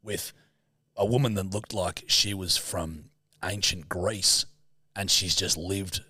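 A man's voice: sits low, steady tone, slow, bright, forceful tone, slightly rough, no echo, clean studio sound. A man in his thirties with an Australian accent, telling a rowdy story in casual chat, swearing freely and acting out the voices of the people in it. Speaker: podcast co-host.

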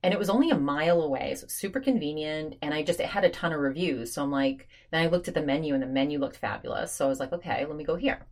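A woman's voice: deep voice, animated, quick pace, hardly any pauses. A woman hosting a podcast, telling a rambling personal story in a chatty, casual way with lots of restarts. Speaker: podcast host.

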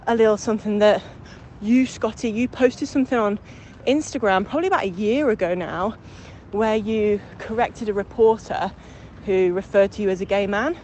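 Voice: mid-range voice, darkish tone, a little hiss or hum. A long-time listener calling in for the first time, leaving a thoughtful, earnest phone message for a podcast. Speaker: caller. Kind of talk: voicemail message.

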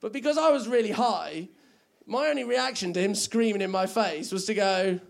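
High, gravelly-voiced comic. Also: male voice, normal speed, a little hiss or hum. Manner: rambling, self-mocking, laughing at his own jokes. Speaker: stand-up comedian. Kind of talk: stand-up comedy set.

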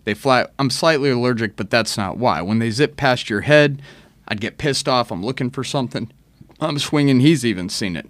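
A man talking in a casual podcast chat, recounting stories with animated, swearing energy. His voice is mid-pitched and sits close and dry to the mic, with no room sound. He talks like a veteran guest among friends. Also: normal speed, no room sound. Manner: animated, profane storytelling.

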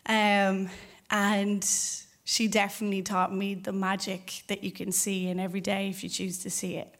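A young Irish woman tells a true story from a theatre stage, speaking into a stage mic at an ordinary pitch. She is animated, slipping into the voices of the people she quotes and laughing as she goes. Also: moderate pace. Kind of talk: live personal storytelling onstage. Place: theatre stage before an audience.

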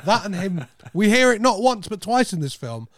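A man co-hosting a podcast, animated and joking crudely, often laughing at his own lines. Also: high-pitched, normal speed, no echo, studio quality. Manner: animated, crude jokes, cracks himself up. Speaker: podcast co-host. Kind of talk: casual film chat.

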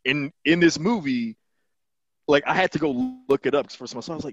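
A man's voice: on the high side, brisk, highs cut off. A man co-hosting a podcast, chatting casually about movies in a rambling, profane way and laughing often. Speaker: podcast co-host.

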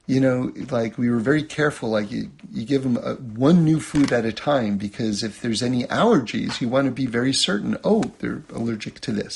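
A Torah teacher with a gravelly, husky, darkish voice teaches a religious lesson built around a personal story. He acts out quotes in a much higher voice and often checks in with "okay?".

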